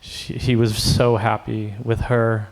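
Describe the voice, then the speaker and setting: Man giving a casual, halting memorial speech. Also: fairly low pitch, level tone. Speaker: friend giving a remembrance. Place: memorial gathering.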